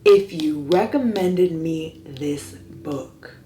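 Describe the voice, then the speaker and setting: A woman book vlogger talks in an unhurried, drawn-out way, piling on theatrical, over-the-top reactions. Her voice sits a little low for a woman. The recording has a roomy echo. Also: darkish tone. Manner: theatrical, gushing exaggeration. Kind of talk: casual reading vlog.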